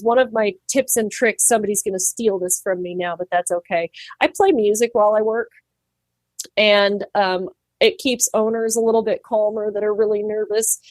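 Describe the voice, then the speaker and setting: A woman's voice: mid-range voice, normal speed, no echo. Chatty woman pig trimmer, dry sound. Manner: animated, acts out quoted voices, laughs easily. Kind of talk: casual interview talk.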